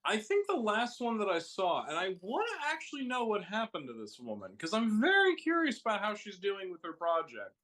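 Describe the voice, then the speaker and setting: Chatty guy cohosting, kinda high voice, gets excited and keeps saying like. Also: fairly quick, few pauses. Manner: enthusiastic, repeats "like" while building a point. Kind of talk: casual chat.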